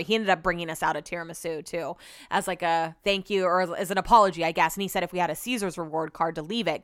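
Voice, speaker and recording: A chatty woman podcaster speaks from a room in her home and relays a story, slipping into other people's lines as she goes. Her voice is smooth and clear. The sound is dry, close and crisp. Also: fairly low pitch, fairly bright tone, no echo. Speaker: podcast host. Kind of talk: casual solo storytelling.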